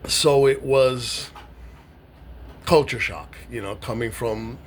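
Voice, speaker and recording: A middle-aged man from New York giving an emotional personal monologue to camera, speaking in a heartfelt, halting way with many pauses and repeated words. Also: mid-range voice, slight background noise. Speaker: vlogger.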